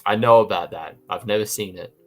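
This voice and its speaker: A man's voice: lowish voice, fairly quick, a bit bright. A man co-hosting a live fan podcast in casual chat, teasing and laughing a lot. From not American. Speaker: podcast co-host.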